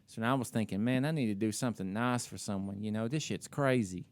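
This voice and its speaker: A man's voice: on the low side, fast talker, no echo. Candid self-critical man telling a story. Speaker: podcast co-host. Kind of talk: casual chat.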